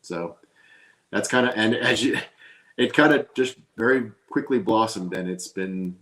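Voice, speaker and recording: A man's voice: fairly low pitch, unhurried, fairly bright tone. A man, an actor being interviewed, talking in an earnest, rambling and self-deprecating way, often restarting his sentences. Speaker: actor guest. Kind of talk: casual interview chat. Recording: roomy echo.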